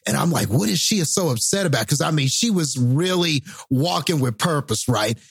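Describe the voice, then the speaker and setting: A relaxed man recounting a funny story on a podcast, his voice a little husky. He hesitates with ums and laughs as he tells it. The recording is close and dry. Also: on the high side, moderate pace, dry recording. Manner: laid-back, hesitant with fillers, laughs while telling. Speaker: podcast co-host. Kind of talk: casual storytelling chat.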